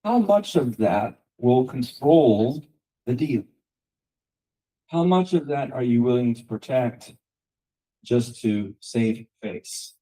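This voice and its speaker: A man's voice: mid-range voice, lively intonation, takes it slowly, long pauses, mellow, breathy edge, rough recording. An American man giving a university guest lecture in a conversational teaching manner, asking rhetorical questions and checking in with "okay" and "right". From United States. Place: lecture room.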